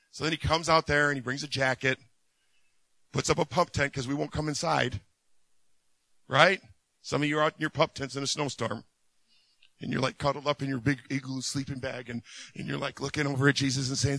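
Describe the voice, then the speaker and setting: Male preacher, high bright voice, animated sermon, loud bursts and hushed asides, dry close sound. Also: quick pace, dry recording.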